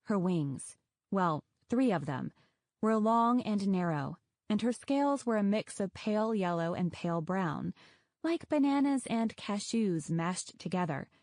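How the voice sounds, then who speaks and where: A woman narrating an audiobook in a measured, even way. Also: mid-range voice, dry recording, studio quality. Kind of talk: scripted narration.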